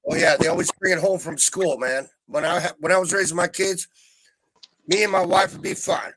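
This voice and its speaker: A man's voice: fairly even intonation, brisk, fairly bright tone, slightly rough. A middle-aged man bantering casually on a live stream, joking and swearing. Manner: swearing, joking, wild pitch jumps.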